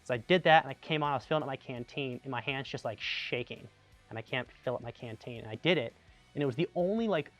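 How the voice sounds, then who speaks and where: A man's voice: mid-range voice, fast, soft background music. A young man from Tucson, an army veteran, casually telling anecdotes in a chatty way full of "like" and restarts. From Tucson, Arizona, USA. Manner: animated, chatty, lots of "like" and restarts.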